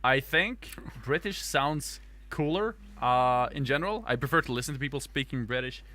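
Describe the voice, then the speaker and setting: A man's voice: medium pitch, lively intonation, normal speed, sharp tone. A man with a Swedish accent chatting casually as a podcast co-host, rambling with lots of fillers and restarts.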